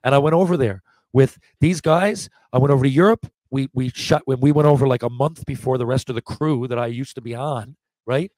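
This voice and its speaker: A man in his forties, a podcast guest, telling lively anecdotes in casual talk, acting out what people said and often restarting his sentences. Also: mid-range voice, brisk, dry recording. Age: 40s. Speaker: podcast guest, former hockey player. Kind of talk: casual storytelling.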